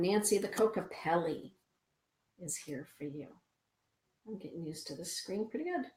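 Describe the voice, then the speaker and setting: A woman's voice: on the low side, big pitch swings, slow pace, long pauses, mellow, echoey room. A woman hosting a spiritual radio show, chatting with listeners and reading oracle cards aloud to them. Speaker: radio show host and card reader.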